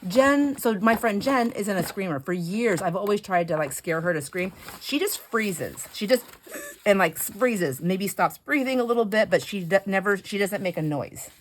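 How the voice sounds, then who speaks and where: A woman chatting casually while she crafts, telling stories with lots of fillers and animated retellings. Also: mid-range voice, moderate pace, slight background noise. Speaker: craft vlogger.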